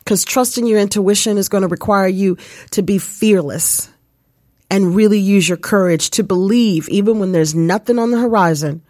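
Hosting a live spiritual coaching show, this woman shares a personal story in a casual, earnest way and frequently turns to the audience, calling them "you guys." Her voice is medium-pitched with a darkish tone, captured dry and clean in a studio.

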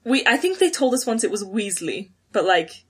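A woman co-hosting a podcast, chatting casually and reading listener comments aloud, quick and excitable. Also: mid-range voice, slightly rough. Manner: quick, excitable, laughs often. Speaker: podcast co-host.

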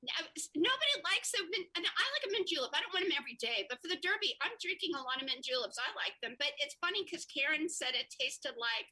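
A woman hosting a casual chat, animated and quick with questions. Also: high voice. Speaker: host.

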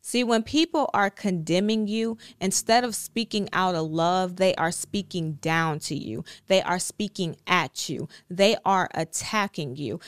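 A woman's voice: lowish voice, no room sound, studio quality. A woman hosting a faith podcast, teaching earnestly and directly. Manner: earnest, direct, preaching cadence with repetition. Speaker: podcast host.

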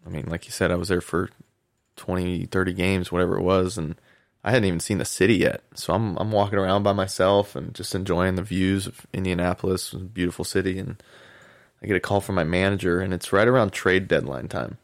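A man, a former pro baseball player, telling an animated story in a podcast interview and acting out the quotes. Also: low voice, fairly quick, vocal fry, no echo, studio quality. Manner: animated anecdote, acts out quotes, laughs often.

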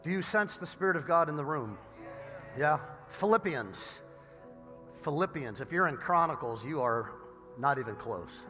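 Hoarse, energetic preaching pastor, man. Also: a little high, moderate pace. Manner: energetic, rising to shouting preaching. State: hoarse, lost voice. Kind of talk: sermon. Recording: large hall reverb with faint music.

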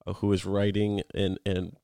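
A man in his thirties co-hosting a podcast, explaining a Bible book in a relaxed, rambling way. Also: sits low, normal speed, smooth, dry recording, studio quality. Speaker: podcast co-host. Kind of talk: casual Bible study chat.

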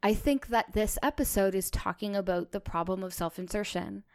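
A woman's voice: mid-range voice, moderate pace. Woman, podcast co-host, casual chat, enthusiastic, thinks aloud.

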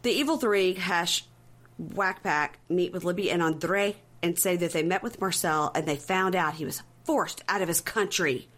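A woman co-hosting a casual chat, retelling scenes with lots of animated quotes and profanity. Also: normal speed. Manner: animated storyteller who acts out quotes with big pitch jumps; profane, gossipy. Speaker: podcast co-host recapping a reality show.

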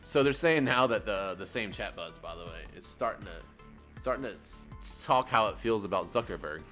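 A man co-hosting a casual podcast, rambling through stories with plenty of laughs and loose restarts. His voice sits fairly low but sounds bright and forceful. Faint music hums behind him. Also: expressive, normal speed. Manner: rambling, laughs often, many fillers and restarts. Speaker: podcast co-host. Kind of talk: casual chat.

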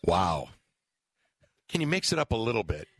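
A man's voice: on the low side, sing-song, normal speed, fairly bright tone, no room sound, studio quality. A man co-hosting a casual podcast who teases and banters playfully. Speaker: podcast co-host. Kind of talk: casual chat.

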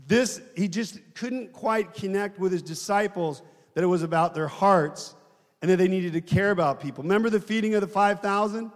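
A man's voice: high voice, normal speed, big-room sound. A man preaching a sermon in a conversational way, often asking the congregation questions.

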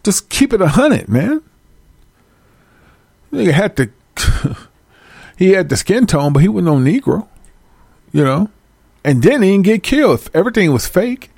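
A man delivering an animated, profane comedic rant, laughing between lines. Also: high-pitched, a little slow, vocal fry, long pauses, breathy edge, no echo.

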